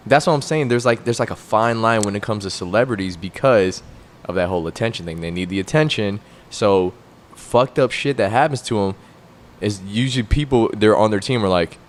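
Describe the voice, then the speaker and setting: Lively, low-voiced young man co-hosting. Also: a little fast, slight background noise. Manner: excitable, slangy, repeats himself. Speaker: podcast co-host. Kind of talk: casual chat.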